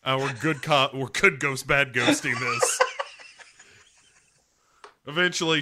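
Bright-voiced man recapping a show. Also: mid-range voice. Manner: animated, acts out characters' lines in quick bursts, swears freely. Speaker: podcast co-host recapping a TV episode. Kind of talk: casual chat.

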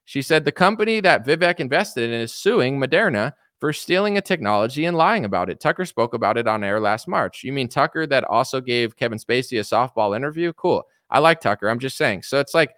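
A man giving casual political commentary on a stream, animated and mocking, acting out the people he quotes. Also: mid-range voice, a little fast, hardly any pauses, no room sound, studio quality.

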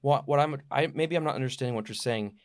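A man's voice: mid-range voice, fast talker, no echo, clean studio sound. A man co-hosting a casual podcast discussion, questioning the others with playful disbelief. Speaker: podcast co-host.

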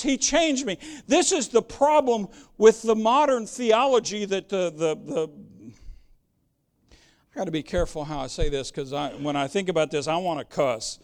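A man preaching a sermon in a plain-spoken, direct and emphatic way, often repeating words as he searches for the next one. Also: very high voice.

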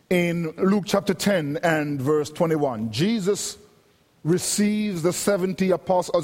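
A man preaching a sermon in a measured, emphatic way, repeating and building his phrases. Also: a little high, darkish tone. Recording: long hall reverb.

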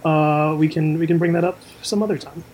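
A co-host in a relaxed comedy brainstorm, rambling and laughing through ideas. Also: medium pitch, fairly quick, slight background noise. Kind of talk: casual comedy brainstorm chat.

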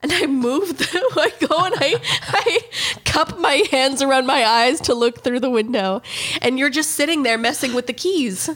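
High, lively young woman telling a story. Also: normal speed. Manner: laughs through her story, acts out voices. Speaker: podcast co-host. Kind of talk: casual chat, storytelling.

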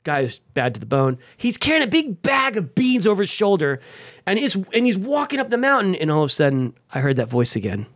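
A man, a veteran guest on an interview show, telling his story with energy and sudden jumps in pitch. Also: big pitch swings, fairly quick, fairly bright tone, dry recording, clean studio sound. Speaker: guest, veteran and nonprofit founder.

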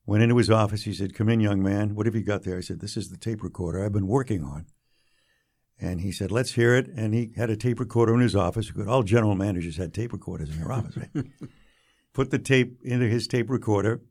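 An older man, a radio broadcaster recalling his early career in an unhurried, anecdotal interview manner. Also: lowish voice, breathy edge. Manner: warm anecdotal storytelling, drops quietly for quoted lines. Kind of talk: storytelling interview.

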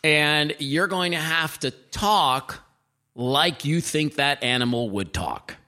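A man co-hosting a podcast, excitable and jokey, laughing often in casual chat. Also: on the high side, slow pace. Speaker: podcast co-host.

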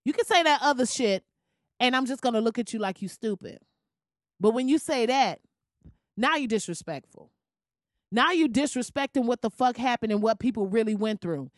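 A woman's voice: on the high side, expressive, normal speed, no echo, studio quality. Heated profane woman ranting. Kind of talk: profane rant.

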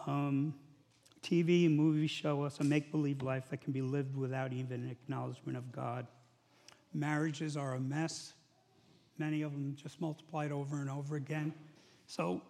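A male pastor preaching a sermon in a church, talking conversationally and building to loud, emphatic peaks. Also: fairly high pitch, creaky. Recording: long hall reverb.

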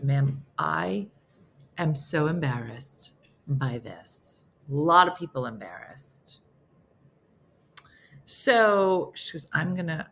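A woman's voice: low-pitched, gravelly, a bit bright, slight background noise. A woman hosting a morning show, telling a story in casual chat and acting out both sides of phone calls with big jumps in her voice.

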